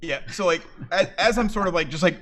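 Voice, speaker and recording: A man's voice: high-pitched, brisk, a bit bright. A man playing a tabletop game, telling what his character does with amusement. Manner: amused storytelling. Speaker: player.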